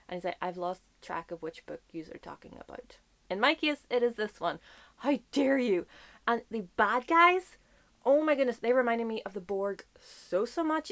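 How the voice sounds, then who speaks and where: A woman book vlogger chatting casually about her monthly reads, gushing and full of asides. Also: mid-range voice. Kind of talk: casual reading wrap-up chat.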